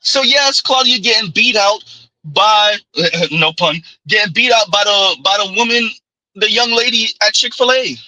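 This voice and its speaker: A man's voice: high-pitched, measured pace, pushed and bright, no room sound, rough recording. A man, giving an opinionated commentary monologue with emphatic call-outs and rhetorical asides. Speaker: commentary vlogger.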